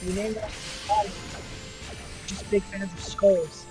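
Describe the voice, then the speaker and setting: A woman's voice: medium pitch, fairly even intonation, slow pace, music in the background. A woman joining a stream over a voice call, chatting casually, giggly and a little exasperated. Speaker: call guest.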